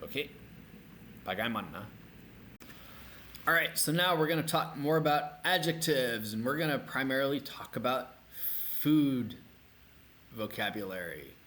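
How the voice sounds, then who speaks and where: A middle-aged man giving a recorded language lesson, energetic and repeating words slowly for learners to copy. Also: mid-range voice, slight background noise. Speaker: language teacher.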